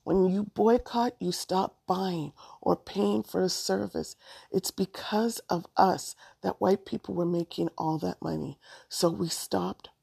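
A firm, wise older Southern woman who patiently instructs a young girl, as a woman reading a story puts her on. The voice is low and mellow, with a heavy gravelly fry and a husky edge. It is recorded dry. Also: unhurried, no room sound, full character voice. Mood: instructive.

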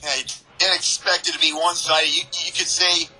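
A man's voice: fairly high pitch, flat delivery, brisk, pushed and bright, faint music behind, low-quality recording. A man giving color commentary on a baseball game, reacting emphatically and repeating his exclamations. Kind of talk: fan broadcast baseball commentary.

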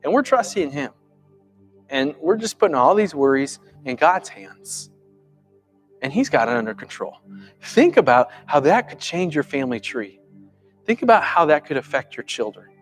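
A male pastor delivering a sermon in a conversational way, moving between lively emphasis and hushed, soft asides. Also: mid-range voice, normal speed, long pauses, soft background music.

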